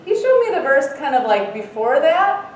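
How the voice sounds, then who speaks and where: A middle-aged woman with a slightly high voice gives an earnest devotional talk and breaks into lively, self-mocking stories. She is heard from well back in a very echoey room. Faint noise sits under her voice. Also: normal speed, far from the mic. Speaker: Bible study speaker.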